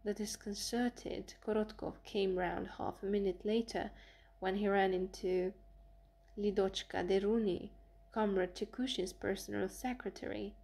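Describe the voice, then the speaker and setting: A woman narrating an audiobook in an even, measured reading. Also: mid-range voice, creaky. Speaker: audiobook reader.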